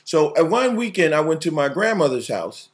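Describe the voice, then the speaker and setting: A man co-hosting a podcast talks at a normal speed in a slightly high, very animated voice. In the casual chat he repeats words, acts out quotes and laughs often, and he comes from a Southern US family.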